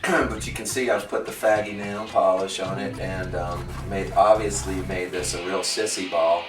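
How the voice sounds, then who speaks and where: A low-voiced man from Massachusetts chats in a playful, campy way, giggling through his asides. He sounds far from the mic in a roomy space, with music playing clearly behind him. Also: fairly even intonation, moderate pace. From Massachusetts, USA. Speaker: artist and musician interviewee. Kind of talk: candid interview and studio tour.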